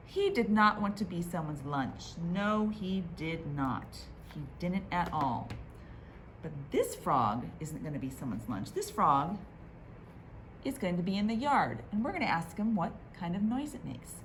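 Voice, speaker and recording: Brief: a woman librarian at storytime, reading aloud slowly with a lively, sing-song voice. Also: mid-range voice, a little hiss or hum. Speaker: children's librarian.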